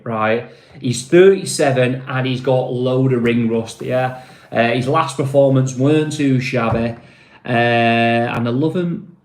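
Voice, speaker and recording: A man's voice: medium pitch, darkish tone, echoey room. A man with a northern English accent hosting a casual phone livestream, chatting loosely and reading viewers' comments aloud. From northern England. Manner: chatty, rambling, reads viewer names aloud. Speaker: livestream host. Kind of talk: casual live-stream chat reading comments.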